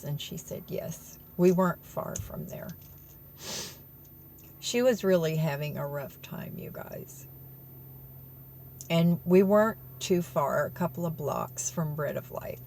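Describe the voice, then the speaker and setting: A woman's voice: deep voice, slow, darkish tone, a little hiss or hum. A woman telling viewers a story in an earnest, tearful way, calling them y'all. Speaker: vlogger.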